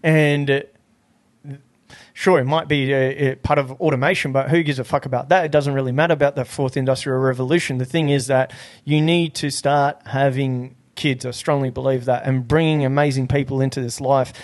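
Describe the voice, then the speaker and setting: A man talking as a guest in a casual podcast chat, earnest and quick, searching for words as he goes. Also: medium pitch, fairly even intonation, dry recording, clean studio sound.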